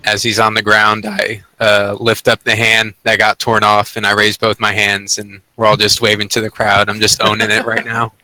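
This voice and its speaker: A man playing a tiefling in a tabletop game, with a low, bright voice. He speaks very flatly, and the sound is dry and close. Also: normal speed, few pauses, no room sound, poor audio. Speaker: player.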